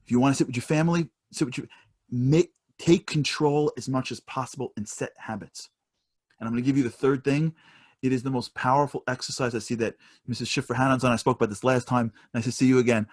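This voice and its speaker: A man's voice: mid-range voice, quick pace. A man giving an emphatic motivational talk over a video call, repeating his points with energy. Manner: emphatic, repetitive, animated preacher-like delivery. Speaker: guest speaker.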